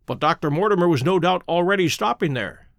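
A man voicing a keen, self-assured detective who speaks crisply and precisely, in a dry close recording. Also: sits high, expressive, a little fast, no echo. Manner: crisp, precise and pleased with himself.

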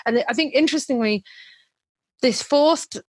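A woman's voice: high voice, a little slow, no room sound. A middle-aged woman co-hosting a podcast in casual, giggly, self-mocking chat. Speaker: podcast co-host.

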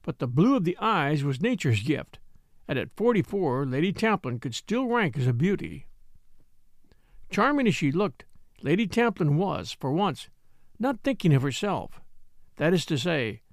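A man narrating a novel as an audiobook reader, in an expressive storytelling manner. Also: fairly high pitch, moderate pace, dry recording, studio quality. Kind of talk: scripted narration.

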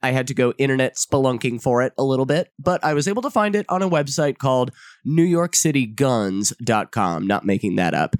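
A man's voice: expressive, fairly quick, clear, resonant tone, dry recording, studio quality. Sarcastic man ranting commentary. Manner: sarcastic and profane, mock-dramatic jumps into high pitch. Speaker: online commentator.

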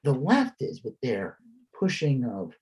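A man's voice: mid-range voice, wildly swooping pitch, unhurried, darkish tone, slightly rough. A man co-hosting a casual podcast, talking politics sarcastically and slipping into mocking impressions. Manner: sarcastic, drops into mocking voices. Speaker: podcast co-host.

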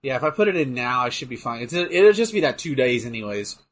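A man co-hosting a casual chat while watching wrestling, excitable, swearing and trailing off into fillers. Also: mid-range voice, fast talker. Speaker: podcast co-host.

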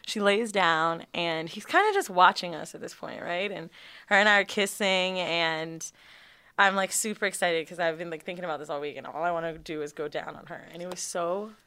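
A young woman casually telling a long, animated, profanity-filled story as a podcast co-host. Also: fairly low pitch, moderate pace, clear, resonant tone, no echo.

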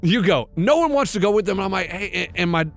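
A man in his thirties, a radio show co-host, speaks fast in a high-sitting, creaky voice over soft background music. He tells a rambling, animated story in casual chat, acting out the voices and quotes.

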